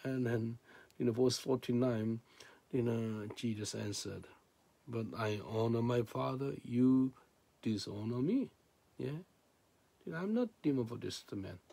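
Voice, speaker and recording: Gravelly male preacher with dry sound. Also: medium pitch, a little slow, mellow, dry recording. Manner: non-native English, frequent restarts and rhetorical questions. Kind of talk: sermon with scripture reading.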